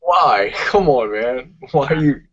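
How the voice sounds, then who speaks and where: A man's voice: mid-range voice, expressive, slow pace. A man, co-hosting a casual podcast, ranting emphatically and swearing a lot. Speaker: podcast co-host. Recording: muffled lo-fi podcast audio.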